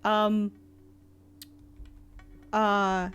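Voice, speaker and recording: A woman's voice: medium pitch, little pitch movement, extremely slow, a bit bright, faint music behind. A woman streaming a video game, chatting casually in a rambling, self-deprecating way that trails off mid-thought. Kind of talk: casual live gameplay commentary.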